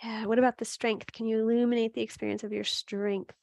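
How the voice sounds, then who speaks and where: A woman teaching a gentle yoga class, giving steady cues with chatty asides and laughing at her own slips. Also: a little high, brisk, gravelly, no room sound. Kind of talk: guided yoga class instruction.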